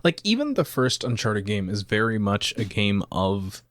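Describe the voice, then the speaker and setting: A man's voice: fairly low pitch, big pitch swings, normal speed, a bit bright, dry recording. A man co-hosting a podcast, talking casually and analytically about a film and steering the discussion. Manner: analytical, leads the topics. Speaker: podcast co-host.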